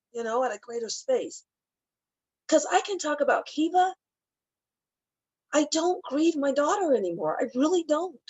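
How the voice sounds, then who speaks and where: A middle-aged woman speaking as a spiritual teacher, talking gently and emotionally about grief and often repeating her phrases. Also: high-pitched, husky, no room sound, low-quality recording. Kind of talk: heartfelt talk on grief.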